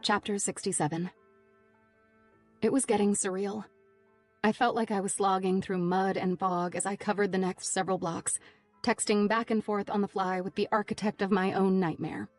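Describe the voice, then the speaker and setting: A woman's voice: medium pitch, flat delivery, moderate pace, darkish tone, soft background music. A woman narrating a thriller audiobook in the first person, tense and driven.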